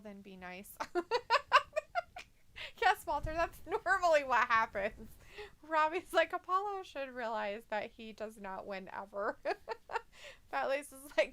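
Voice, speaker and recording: A high, bright woman's voice, chatty and giggly, reading viewer comments aloud on a casual live stream. Her tone is smooth and clear, and she teases her co-host between laughs. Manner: playful teasing of her co-host. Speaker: co-host of a live wrestling watch-along stream.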